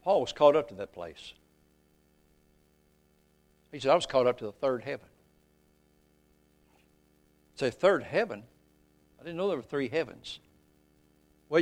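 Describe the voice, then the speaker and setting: A man preaching a sermon, reading scripture aloud, rising loud and slow for emphasis, then falling very low and soft. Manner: reads scripture in old-fashioned phrasing.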